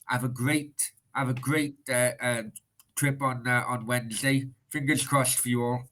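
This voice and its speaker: A man's voice: medium pitch, flat delivery, measured pace, crowd noise. A man from Cardiff hosting a casual football interview, friendly and encouraging, with frequent "uh" fillers. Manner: friendly, affirming, uses fillers. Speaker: host.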